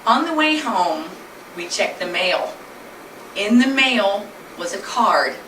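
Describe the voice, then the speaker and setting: A woman with a mid-range, fairly bright voice speaks slowly in a sing-song way as she tells of her husband's illness. It's a personal storytelling presentation, earnest and plainly spoken, heard from a distance in a noisy, echoey room.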